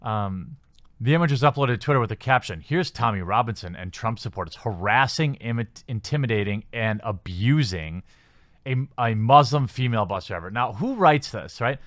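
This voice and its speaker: A man's voice: mid-range voice, lively intonation, moderate pace, fairly bright tone, dry recording, studio quality. A man hosting a commentary channel, reading news articles aloud and picking them apart with sarcastic, skeptical remarks and many fillers.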